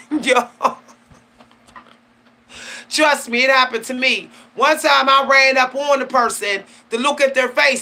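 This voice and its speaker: Bright-voiced woman giving a slangy spiritual rant. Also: fairly high pitch. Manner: animated, laughing, slangy and emphatic. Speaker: channel host. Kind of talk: casual spiritual talk to camera.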